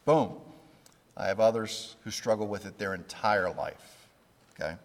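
A man's voice: fairly low pitch, a little slow, long reverb tail. A man preaching a sermon, reading scripture aloud and explaining it verse by verse.

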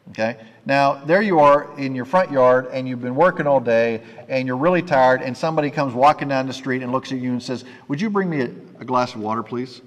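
A man giving a sermon and reading scripture aloud, breaking off for conversational asides to his listeners. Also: mid-range voice. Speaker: preacher teaching from scripture. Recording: long reverb of a hall.

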